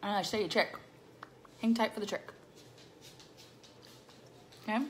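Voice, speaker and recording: A woman's voice: mid-range voice, steady tone, moderate pace, slight background noise. A middle-aged woman chatting casually through a makeup tutorial, bubbly and playful, with silly rhyming words. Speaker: makeup vlogger.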